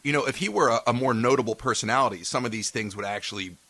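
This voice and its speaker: A man co-hosting a podcast, calmly cautioning his partner. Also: mid-range voice, fast, no room sound. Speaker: podcast co-host. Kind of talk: casual chat.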